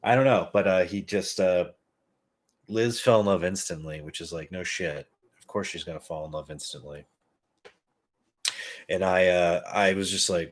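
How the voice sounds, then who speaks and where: A man's voice: deep voice, steady tone, moderate pace. A man hosting a podcast, telling a rambling, self-mocking, profane story in a casual comedic way. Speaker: podcast host.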